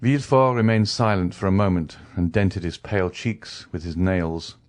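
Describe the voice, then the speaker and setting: A man narrating a classic novel as an audiobook, reading in a measured way. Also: sits low. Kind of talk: scripted narration.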